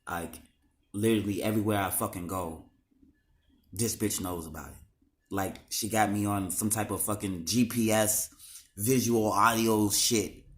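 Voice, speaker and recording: A man's voice: on the low side, steady tone, measured pace, pauses often. A young man talking straight to the camera in a raw, emotional monologue, slangy and full of swearing.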